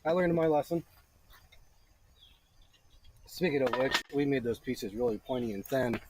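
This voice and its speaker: In a blacksmith shop, an instructor with a medium-pitched voice speaks a little slowly over background noise. He teaches a beginner to forge hands-on, chatting, joking and encouraging as he works.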